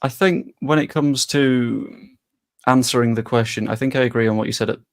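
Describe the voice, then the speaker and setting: A man's voice: mid-range voice, moderate pace. A man, co-hosting a casual football podcast in a rambling, chatty way that often doubles back on itself. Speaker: podcast co-host.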